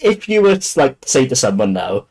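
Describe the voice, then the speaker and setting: A man's voice: medium pitch, sing-song, moderate pace, a little mellow, slightly rough. A man co-hosting a casual motorsport podcast, blunt and teasing. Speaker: podcast co-host.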